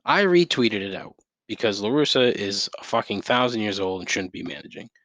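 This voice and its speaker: A man's voice: fairly low pitch, animated, a little fast, a bit bright, no echo. A man hosting a solo podcast from home, ranting in a profane, rambling way with many restarts and sudden heated outbursts. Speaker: podcast host.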